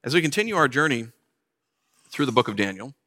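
Bright-voiced animated male preacher. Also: medium pitch, quick pace. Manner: animated storytelling with jokes. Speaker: pastor. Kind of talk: sermon.

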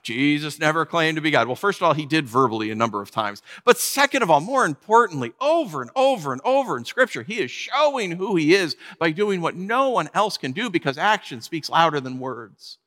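A man preaching a sermon in a lively, conversational way, acting out the people he talks about. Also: on the high side, fairly quick, hardly any pauses, in a large hall. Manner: animated, conversational preaching with acted-out quotes. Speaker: pastor.

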